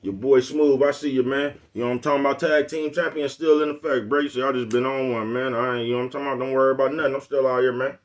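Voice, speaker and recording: Barely pausing, a man rattles along very fast in a steady, mid-range voice on his own vlog. He rambles casually and sounds easygoing and boastful, chuckling between phrases and often asking if you know what he's talking about.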